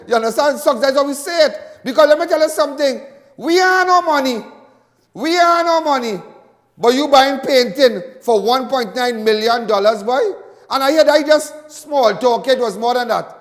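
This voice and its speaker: A Trinidadian man hosts a show with a heated political monologue. His voice sits unusually high, and he mocks and repeats phrases to drive each point home. A long reverb trails his words. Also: moderate pace. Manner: fiery, mocking, repeats lines for emphasis. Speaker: host.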